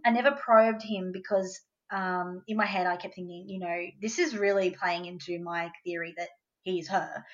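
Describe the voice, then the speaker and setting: A woman's voice: mid-range voice, muffled recording. A woman with an Australian accent, a guest in an interview, telling a personal story in a casual, conversational way. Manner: conversational storytelling, quotes her son in a lively voice.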